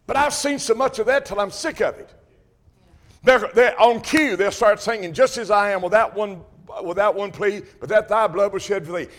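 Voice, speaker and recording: Preacher, man, high-pitched, fervent and repetitive, pulpit sermon. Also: moderate pace. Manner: emphatic, repetitive, rising to shouts. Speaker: Baptist preacher.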